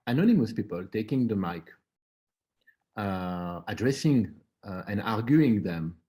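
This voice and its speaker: Low mellow voiced guy on a video call, slow and reflective, lots of pauses. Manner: slow, reflective, pausing often. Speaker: artist and curator, panelist. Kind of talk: academic panel discussion.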